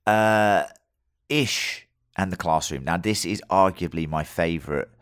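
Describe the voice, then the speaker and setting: A man's voice: low voice, a little slow, a bit bright, smooth, dry recording, studio quality. A man hosting a podcast, telling a story loosely with plenty of fillers and the odd swear word. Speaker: podcast host. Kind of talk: casual podcast chat.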